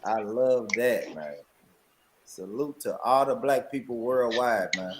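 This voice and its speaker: A man hosting a casual group chat, animated and laughing, repeating phrases as he goes. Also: medium pitch, slow, noisy background. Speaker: host.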